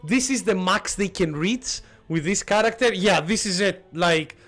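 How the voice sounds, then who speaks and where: A man, not a native English speaker, chatting excitedly and laughing through live gameplay commentary. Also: high-pitched, a little slow. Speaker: streamer.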